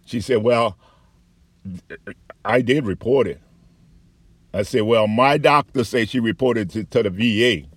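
A man's voice: medium pitch, measured pace, long pauses, breathy edge, dry recording. A man giving a heated, profane, rambling account of his complaints as a patient. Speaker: patient telling his story. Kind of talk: angry personal account.

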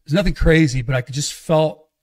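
Middle-aged guy telling his testimony, animated, voices what others said, kinda high-pitched for a man. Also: a little fast. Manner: animated storytelling, acts out quoted dialogue. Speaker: guest, evangelist and pastor. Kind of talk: casual testimony in conversation.

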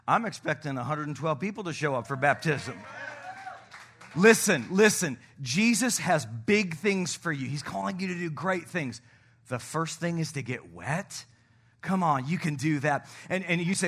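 Bright-voiced energetic male pastor. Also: fairly high pitch, a little slow, some chatter behind. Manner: energetic, playful, coaxing the congregation. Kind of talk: sermon. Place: church stage.

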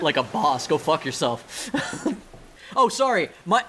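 A man's voice: fairly high pitch, sing-song, a little slow, a bit bright, a little hiss or hum. A man narrating as game master of a tabletop game, laughing and swearing in loose banter.

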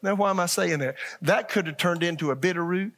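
Earnest older preacher, folksy and plain. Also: male voice, high-pitched, brisk, fairly bright tone. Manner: folksy, earnest preaching with repetitions and asides to the congregation. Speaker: pastor. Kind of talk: sermon. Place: church sanctuary.

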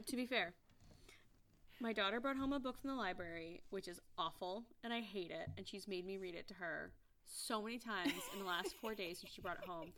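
A woman in her thirties chats away as podcast co-host. Her voice is bright and clear, her talk full of fillers and self-deprecating asides. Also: medium pitch, moderate pace, slight background noise. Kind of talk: casual chat.

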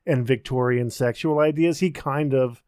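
A man's voice: mid-range voice, moderate pace, darkish tone, smooth, no echo, clean studio sound. A man chatting casually as a podcast co-host, making incredulous, sarcastic comments. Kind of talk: casual chat.

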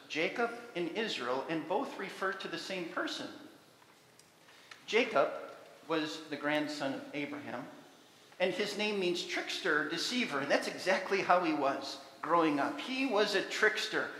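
A man's voice: high voice, pushed and bright. A man preaching a sermon as pastor, talking earnestly and using many rhetorical questions. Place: church sanctuary. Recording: echoey church sanctuary with long reverb.

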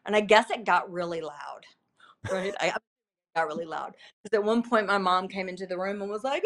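A woman in her fifties speaks as a podcast guest, telling a deeply personal testimony. Her voice sits at an ordinary middle pitch. She talks haltingly and earnestly, circling back on her words and leaning on fillers as she searches for them. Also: fairly bright tone. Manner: halting, repetitive, earnest storytelling with many fillers.

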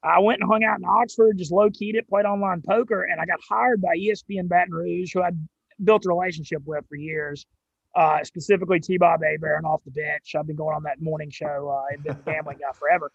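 A young man with a Southern drawl, telling his story as an interview guest in an excited, quick way with some cursing. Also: fairly high pitch, vocal fry, breathy edge, dry recording, highs cut off. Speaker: sports radio and gambling show host, guest.

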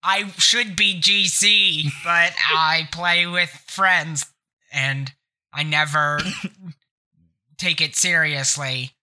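A man's voice: fairly high pitch, steady tone, drawn-out words, bright, forceful tone, heavily acted. A man with a stuffed-up nose voicing a smug, teasing male robot made of salt. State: congested nose.

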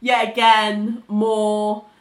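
A woman's voice: medium pitch, completely flat delivery, very slow, echoey room. A woman co-hosting a podcast, chiming in with short reactions and quips. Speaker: podcast co-host. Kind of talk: casual chat.

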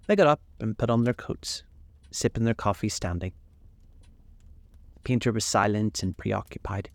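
Low, gravelly-voiced male storyteller. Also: normal speed, pauses often, no room sound. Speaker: narrator. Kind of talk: bedtime audiobook reading.

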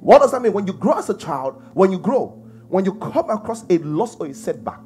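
Pastor guy preaching, lively swooping voice, bit high, soft music behind. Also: a little fast, breathy edge. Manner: emphatic preaching with rhetorical questions. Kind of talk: sermon.

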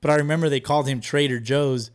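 A man's voice: mid-range voice, fast. Profane laughing male podcast host. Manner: profane, animated storytelling with lots of laughing. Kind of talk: casual chat.

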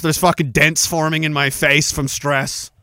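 A man's voice: a little high, flat delivery, a little slow, pushed and bright. A man in his thirties hosting a solo podcast, ranting in a rambling, profane, self-mocking way. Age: 30s. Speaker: podcast host.

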